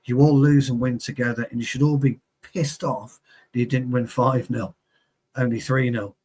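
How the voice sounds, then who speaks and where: A man's voice: mid-range voice, moderate pace, husky. A man, a former player co-hosting a heated, sweary football chat and telling stories from his playing days. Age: 40s. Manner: sweary, animated, storytelling.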